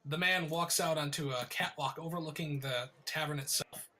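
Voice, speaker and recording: Bright-voiced male game master. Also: fairly high pitch. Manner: vivid, descriptive narration with filler pauses. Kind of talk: narrating a tabletop game.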